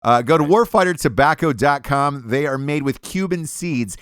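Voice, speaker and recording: A man's voice: fairly high pitch, animated, moderate pace, fairly bright tone, clear, resonant tone, no room sound, clean studio sound. Brash, profane male podcast host. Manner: brash, profane, joking delivery. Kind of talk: casual podcast ad reads and chat.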